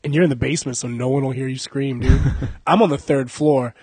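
A man's voice: medium pitch, steady tone, brisk, darkish tone, breathy edge, no echo. A young adult man hosting a casual podcast, joking, cursing and laughing a lot. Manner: profane, joking, laughs often. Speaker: podcast host.

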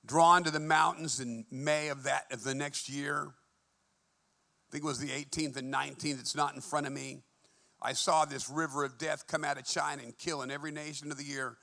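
A man preaching a fervent sermon in a church, moving between hushed and emphatic delivery. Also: on the high side, steady tone, moderate pace, gravelly. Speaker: pastor.

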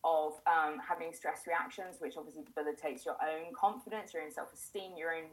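A woman therapist and podcast host explaining ideas in a measured, reflective way, with many fillers. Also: deep voice, steady tone, low-quality recording.

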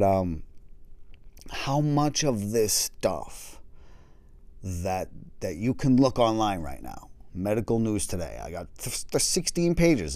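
Low-voiced rambling man, dry close sound. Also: warm tone, no room sound. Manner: rambling, self-deprecating, swears casually, acts out quotes. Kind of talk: casual chat.

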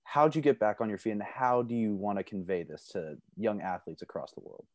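A man with a fairly low voice poses an interviewer's questions. He sounds encouraging and admiring toward his guest, and the recording is dry and close. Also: animated, fairly quick, dry recording. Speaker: interviewer, podcast host.

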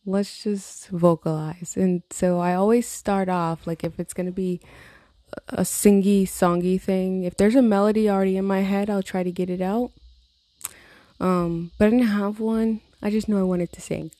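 A woman's voice: mid-range voice, steady tone, moderate pace, mellow, no echo. A woman, rambling in a casual vlog about her songwriting, swearing and laughing often. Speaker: songwriter vlogger. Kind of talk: casual chat to camera.

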